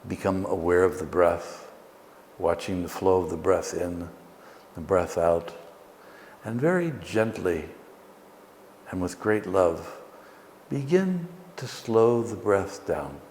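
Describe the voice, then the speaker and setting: A man with a very low voice leads a guided meditation, slow and soothing. His words trail into a long reverb, with a faint ambient hum behind him. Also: lively intonation. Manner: slow, gentle, soothing guidance. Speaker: meditation teacher.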